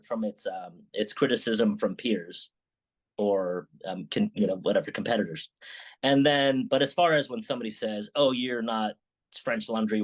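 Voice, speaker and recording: A middle-aged man, a restaurant founder, chatting as an interview guest, telling stories with lots of restarts and acted-out quotes. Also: medium pitch. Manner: animated storytelling with many restarts and acted quotes. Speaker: sandwich shop founder, guest. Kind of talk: casual interview chat.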